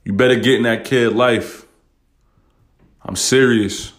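A man's voice: mid-range voice, steady tone, slow pace. A man hosting a casual podcast, talking bluntly and emotionally, swearing a lot and often saying "you know what I'm saying". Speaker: podcast host.

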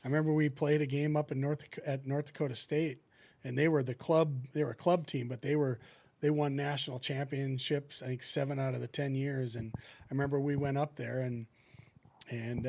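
A middle-aged man, a former hockey goalie, telling lively stories in a casual chat and acting out what people said. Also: mid-range voice, normal speed. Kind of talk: casual storytelling in a podcast chat.

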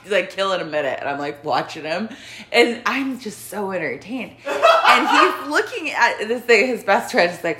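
Lively bright-voiced woman telling stories. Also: medium pitch, normal speed, slight background noise. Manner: animated, laughing, swearing, acts out quotes. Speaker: podcast co-host, bus driver. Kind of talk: casual storytelling chat.

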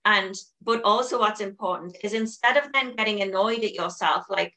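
Bright-voiced woman, chatty and rambling. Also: mid-range voice, normal speed, few pauses. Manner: rambling, heavy use of "like" and "you know". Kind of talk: casual chat.

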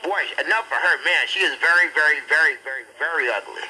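Hyped, sharp-voiced amateur DJ man. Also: a little high, quick pace, breathy edge, poor audio. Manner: hyped, repetitive, trash-talking banter; loud and excitable. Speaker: amateur DJ host. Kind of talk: homemade party-line show on tape.

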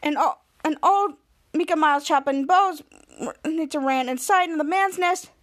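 Woman host with a very high voice; casual, breathless episode recap. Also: normal speed. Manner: rambling excited retelling, acting out characters' lines. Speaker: podcast host.

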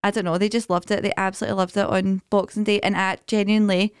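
A woman's voice: mid-range voice, little pitch movement, fast talker, clean tone, no echo, clean studio sound. A woman co-hosting a podcast, telling funny family stories in casual chat and laughing often. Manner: chatty storytelling, laughs often. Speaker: podcast co-host.

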